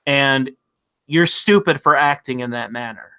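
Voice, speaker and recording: A man's voice: mid-range voice, unhurried, pushed and bright, clear, resonant tone. A man hosting a casual online political chat, talking in a loose, profane, ranting way and often repeating words as he goes. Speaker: host.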